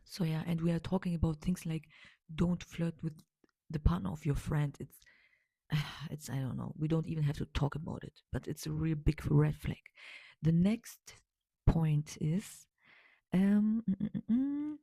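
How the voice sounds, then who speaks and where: Rambling woman podcaster, dark dry voice. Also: deep voice, unhurried, vocal fry, slightly rough, dry recording. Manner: rambling and emphatic, with many fillers and repetitions. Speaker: podcast host. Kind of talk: casual solo podcast monologue.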